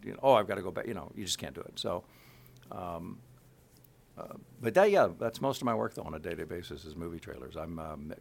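A man's voice: sits low, fast, gravelly. A middle-aged man from Kansas City, a voice actor chatting in an interview and slipping into character voices as he talks. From Kansas City, USA. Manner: animated, slips into character voices mid-sentence. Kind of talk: casual interview chat.

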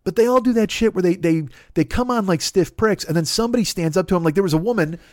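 A man's voice: high voice, fast talker, dry recording. Profane ranting man, dry close sound. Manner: angry, profane, mocking voices of others. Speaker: podcast host. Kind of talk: profane comedic rant.

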